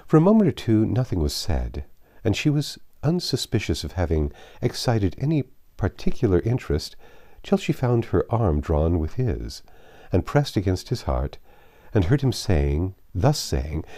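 A man reading a classic novel aloud, measured and expressive. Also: low-pitched, no room sound, studio quality. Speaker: audiobook narrator.

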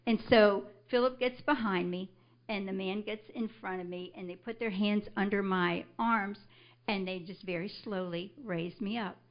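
A woman's voice: mid-range voice, normal speed, highs cut off. Older woman testifying with fervor. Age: older, a grandmother. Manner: animated storyteller, bursts into loud scripture declarations. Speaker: church member giving a testimony. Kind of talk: spoken testimony to a congregation. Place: church service.

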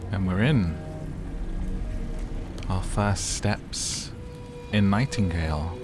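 A man's voice: deep voice, extremely slow. A man giving casual, wry, self-mocking commentary while playing a game and reading menu options aloud. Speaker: gaming content creator. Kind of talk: casual let's-play commentary. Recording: game music behind.

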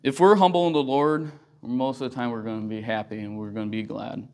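A man's voice: medium pitch, steady tone, brisk. A man teaching a Sunday school class in a church, talking through scripture in an earnest, conversational way. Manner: earnest, conversational, often says "you know". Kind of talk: casual Bible teaching.

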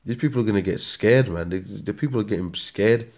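A British man with a very low voice preaches in a loose, rambling way. He peppers his talk with slang and trips over words when he reads aloud. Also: brisk, darkish tone. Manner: slangy, ends lines with "man" and "mate". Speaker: street preacher. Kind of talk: casual preaching monologue.

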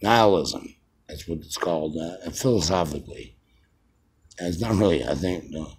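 A man in his fifties rambling as a self-styled radio host, halting with many fillers and restarts. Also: low-pitched, animated, breathy edge. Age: 50s. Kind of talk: rambling mock radio broadcast.

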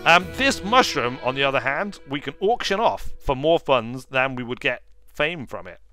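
A man's voice: medium pitch, animated, moderate pace, sharp tone, soft background music. A man giving playful, jokey gameplay commentary as host of a let's play. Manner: playful, jokey, self-mocking.

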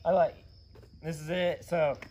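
Hoarse raspy man telling a story. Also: a little high, measured pace. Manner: animated, rambling retelling. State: hoarse from yelling. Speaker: channel host, custom car builder. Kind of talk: casual vlog storytelling.

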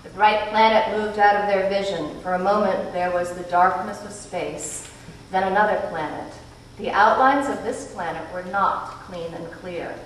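A woman reading a novel aloud at a live event, with measured, expressive narration. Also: mid-range voice. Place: event hall. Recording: echoey hall from far off, faint noise.

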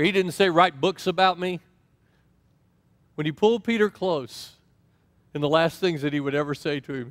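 A man's voice: fairly high pitch, no echo. A man preaching a sermon, telling stories and acting out quoted dialogue. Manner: storytelling, acts out quoted dialogue with lively swings. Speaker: pastor.

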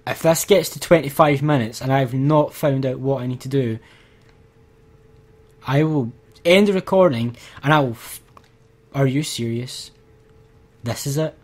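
A man's voice: medium pitch, normal speed, pauses often. A man commentating his gameplay, exasperated and ranting to his viewers. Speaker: let's play gamer.

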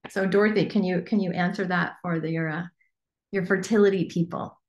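Animated woman coach in an echoey room. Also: fairly low pitch, brisk, highs cut off. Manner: animated, chatty, lots of fillers. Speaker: business coach. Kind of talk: teaching a workshop.

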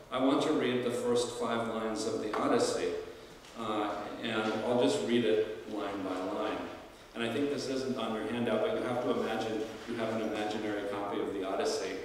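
A man with a lowish voice, a classics professor, lectures alumni in a lecture hall, thinking aloud as he searches for ideas, with frequent fillers and restarts. Slight background noise is audible, and the distant mic picks up a roomy hall.

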